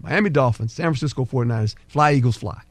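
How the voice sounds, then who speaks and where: A man's voice: mid-range voice, fast talker, no echo. A man breaking down football on a sports talk show. He talks emphatically in folksy football slang and acts out players and coaches in quoted dialogue. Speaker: football analyst guest.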